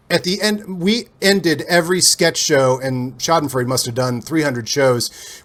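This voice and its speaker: A man with a slightly raised pitch chats as an interview guest. He tells stories animatedly, starting over mid-sentence and laughing along the way. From Cincinnati, USA. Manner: animated, rambling with restarts and laughs. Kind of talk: casual storytelling interview.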